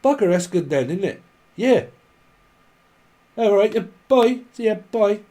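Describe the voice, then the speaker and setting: A man doing a broad Cornish local, loud and high. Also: expressive, unhurried. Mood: cheery. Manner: broad, cheery, repetitive small talk. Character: chatty Cornish local man greeting a friend in the street.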